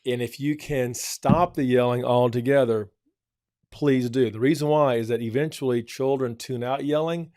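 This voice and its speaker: A man's voice: mid-range voice, fairly even intonation, moderate pace, darkish tone, dry recording. Earnest guy giving parenting advice, repeats himself for emphasis, dry close sound. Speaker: church family counselor. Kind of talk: advice talk.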